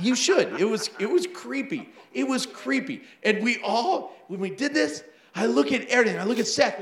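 A man's voice: high voice, animated, moderate pace, few pauses, roomy sound. A man preaching a sermon as pastor, telling stories animatedly with laughs and acted-out asides.

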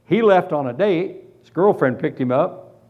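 A man preaching a humorous sermon testimony, telling his story in an animated, self-deprecating way. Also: on the high side, normal speed. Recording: dull lo-fi recording.

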